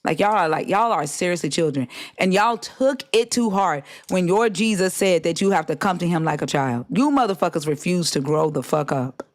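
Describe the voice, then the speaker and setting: A woman's voice: fairly low pitch, lively intonation, moderate pace, hardly any pauses. A woman hosting a live stream who talks bluntly and with plenty of profanity as she scolds her chat.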